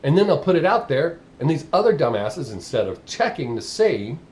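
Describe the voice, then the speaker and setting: A man's voice: on the high side, sing-song, normal speed, a little mellow. A man with a Southern US accent, ranting bluntly and profanely in a casual vlog monologue. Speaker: vlogger.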